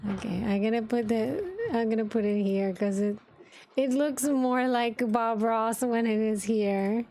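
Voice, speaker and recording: A slow, high-voiced woman streamer thinking aloud. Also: fairly even intonation, warm tone, slight background noise. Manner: thinks aloud, chatty and giggly with viewers. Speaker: VTuber streamer. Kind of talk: casual livestream chat while setting up software.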